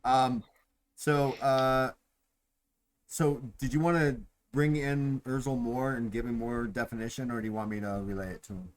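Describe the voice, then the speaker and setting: Guy running a tabletop game, relaxed, laughs a lot, mid-pitched voice. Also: moderate pace, poor audio. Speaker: game master.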